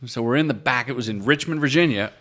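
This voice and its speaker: A man's voice: medium pitch, quick pace, fairly bright tone. A man who directs films, a guest telling anecdotes in a casual podcast chat. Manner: chatty, tells anecdotes.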